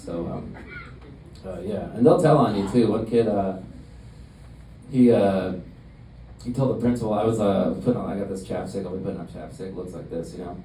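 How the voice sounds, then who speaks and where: A young man works through a stand-up set with a deadpan, halting delivery, pausing on fillers between jokes. His voice sits a little low and is picked up from a distance. The club sounds roomy, with steady crowd noise and laughter behind him. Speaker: stand-up comedian. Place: comedy club stage. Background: audience laughter.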